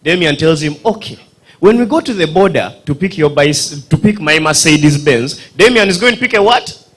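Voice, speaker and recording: A man's voice: fairly high pitch, animated, normal speed, breathy edge. A man with a Ugandan accent, doing stand-up comedy storytelling at a dinner event, acting out voices and sound effects and quizzing the audience. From northern Uganda.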